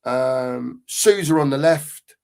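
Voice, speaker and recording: A man's voice: mid-range voice, takes it slowly, gravelly, a little mellow. Middle-aged bloke rambling live on his fan stream, chatty, reads out the comments. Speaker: fan channel co-host. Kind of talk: casual live-stream chat.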